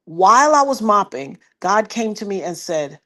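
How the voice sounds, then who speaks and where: Animated woman in her fifties telling a story. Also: mid-range voice, moderate pace. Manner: animated retelling, acts out quoted voices; preachy, talks of prophecy and God. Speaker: livestream storyteller. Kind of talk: casual spoken storytelling.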